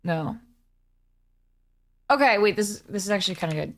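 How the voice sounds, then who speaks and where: A woman streamer in casual live-stream chat, chatty and excitable, swearing freely as she talks to her viewers. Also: medium pitch, normal speed.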